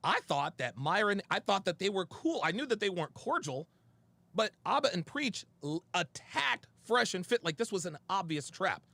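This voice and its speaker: A man hosts his own show, telling a story with heated, profane emphasis and quoting both himself and a friend. His voice sits fairly high with a gravelly edge. The sound is dry and close to the mic. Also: very animated, moderate pace, pushed and bright, no echo. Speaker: show host. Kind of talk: heated monologue. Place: studio.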